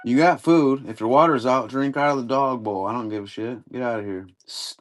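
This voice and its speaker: With a medium-pitched voice and a brisk pace, a man chats casually while running a live card-break stream. He rambles in an easygoing way and swears a bit.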